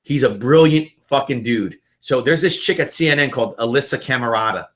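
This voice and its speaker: A man's voice: medium pitch, brisk. A man co-hosting a podcast in a casual, profane political rant, acting out quotes in a raised voice. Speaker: podcast co-host.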